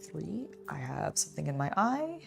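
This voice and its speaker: Low-voiced young woman rambling while she builds lego, lots of likes and ums, faint music behind. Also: big pitch swings, normal speed, creaky. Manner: chatty and rambling, talks to her cat, many fillers. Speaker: LEGO builder and channel host. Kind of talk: casual building vlog chat.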